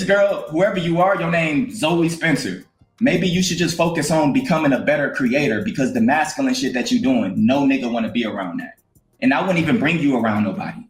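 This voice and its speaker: A man's voice: mid-range voice, lively intonation, fairly quick. A man giving blunt commentary, scolding someone in heavy slang. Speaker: online commentator. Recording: echoey room with faint music.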